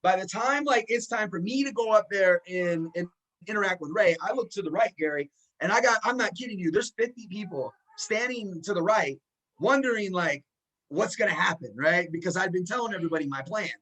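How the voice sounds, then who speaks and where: Man, high voice, animated storyteller, podcast guest, casual chat. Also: brisk, poor audio. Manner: animated, acts out the voices of people in his story.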